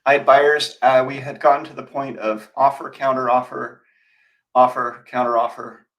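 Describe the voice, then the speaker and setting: Male real estate co-host, mid-pitched, conversational and rambling. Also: steady tone, moderate pace, lo-fi sound. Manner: conversational, rambling with fillers and restarts. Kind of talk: casual chat.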